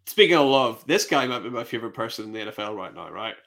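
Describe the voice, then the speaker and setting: A man chats casually as co-host of a sports show, his voice swinging widely up and down as he reacts with amusement to clips. He sits at a middle pitch and laughs often between remarks. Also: expressive, fast, creaky, fairly bright tone. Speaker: co-host of a fantasy football show. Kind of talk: casual chat.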